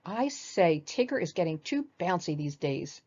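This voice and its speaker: A woman voicing a fussy, bossy, scheming male rabbit in a storybook reading, clipped and excitable. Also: lowish voice, normal speed, husky, lo-fi sound. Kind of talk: storybook read-aloud.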